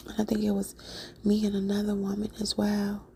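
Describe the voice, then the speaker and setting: A woman telling a dream in a soft, unvoiced whisper with many fillers, as a whispered vlog. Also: medium pitch, completely flat delivery, a little fast, creaky, a little hiss or hum. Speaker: vlogger.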